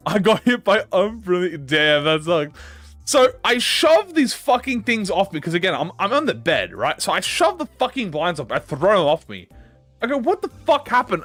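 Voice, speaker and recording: A man with a high, wildly swinging voice tells a story in casual chat, excitable and full of swearing, often restarting mid-sentence. The sound is dry and close, with soft music running underneath. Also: no room sound. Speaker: gaming YouTuber.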